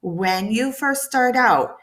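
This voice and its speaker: Slow, bright-voiced woman teaching pronunciation. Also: on the high side, expressive. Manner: slow, careful enunciation of drilled sounds. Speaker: accent reduction teacher. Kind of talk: pronunciation lesson.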